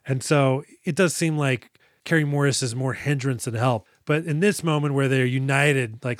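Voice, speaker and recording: A man's voice: mid-range voice, moderate pace, no room sound, studio quality. A man co-hosting a movie podcast, recapping scenes with sarcastic, profane jokes in a casual chat. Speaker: podcast co-host.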